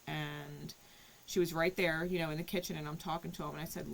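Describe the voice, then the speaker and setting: A woman's voice: low-pitched, flat delivery, a little fast, creaky, slight background noise, rough recording. A woman giving a casual spiritual reading, telling a story in a conversational way and often checking in with "right?". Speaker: tarot reader.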